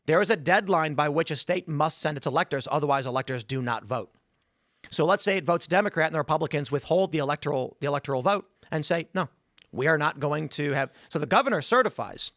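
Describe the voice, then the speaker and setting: A man with a fairly high voice hosts a political talk show on a studio mic, arguing hard and pushing up to loud emphatic peaks. The sound is dry and close. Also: animated, quick pace, dry recording. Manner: intense, argumentative, builds to loud emphatic peaks. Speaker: podcast host.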